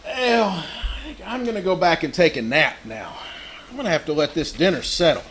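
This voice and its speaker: A man playing a mild, patient father in a live old-time radio drama, soothing and gently dismissive. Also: a little high, animated, normal speed, slight background noise. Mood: easygoing.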